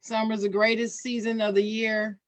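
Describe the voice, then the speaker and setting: A woman's voice: on the high side, flat delivery, moderate pace, no echo. A woman from Ohio hosting a casual podcast chat, talking emphatically and repeating her points. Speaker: podcast host.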